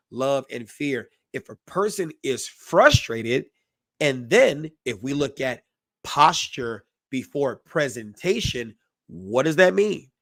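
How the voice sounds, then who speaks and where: Animated man teaching a parenting class. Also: mid-range voice, dry recording. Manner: animated, greets live chat viewers, repeats points. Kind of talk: live-streamed parenting class.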